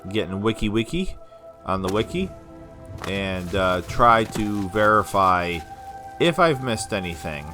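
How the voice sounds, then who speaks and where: A man's voice: lowish voice, sing-song, a little slow, over music. A man giving casual let's-play commentary, rambling and talking to himself with frequent laughs. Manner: chatty, rambling self-talk with frequent laughs. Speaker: gameplay commentator.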